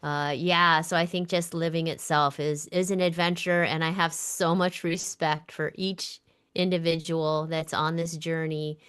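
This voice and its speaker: Woman guest, smooth clear voice pitched a little low, thoughtful and searching. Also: flat delivery, unhurried, a bit bright. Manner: thoughtful, with many fillers and restarts. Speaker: guest artist. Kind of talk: casual chat.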